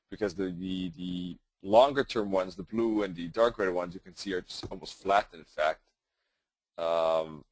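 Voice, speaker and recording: A man leads a live trading webinar, walking through charts in a conversational way and thinking aloud with fillers and self-corrections. His voice is fairly low, and the recording is rough but free of echo.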